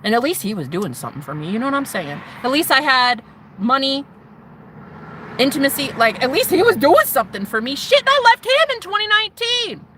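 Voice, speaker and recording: Sassy, animated woman with a bright voice. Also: a little high, a little fast, a little hiss or hum. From United States. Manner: animated, sassy, calls viewer "honey"; swears freely, shouts mocking retorts. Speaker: vlogger. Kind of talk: personal testimony to camera.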